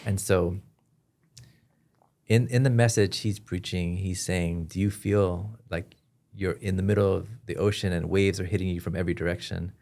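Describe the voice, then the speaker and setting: Man, podcast guest, personal testimony, deep voice, gravelly fry, earnest halting delivery. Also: fairly even intonation, darkish tone. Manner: earnest, halting storytelling with frequent restarts.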